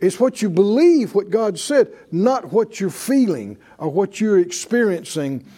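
Animated high-voiced male preacher. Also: measured pace. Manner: animated call-and-response preaching. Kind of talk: sermon.

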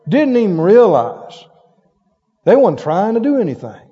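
A man with a high, slightly breathy voice preaches a sermon at a moderate pace. He tells animated stories with laughs and acts out the quotes in different voices. The recording sounds dull, with long hall reverb.

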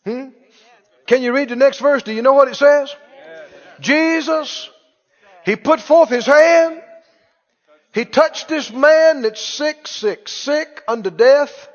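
A man preaching a sermon in an animated, emphatic way, repeating his key lines for stress. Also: very high-pitched, takes it slowly, long pauses. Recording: long church reverb, dull lo-fi sound.

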